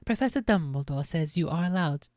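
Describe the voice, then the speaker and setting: A woman's voice: fairly low pitch, lively intonation, fairly quick, darkish tone, no room sound, clean studio sound, lightly acted. A woman voicing a fussy, strict middle-aged school nurse who talks firmly and sniffily, in a read-aloud storybook. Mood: firm sniffy. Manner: sniffy and firm. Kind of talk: audiobook-style read-aloud on stream.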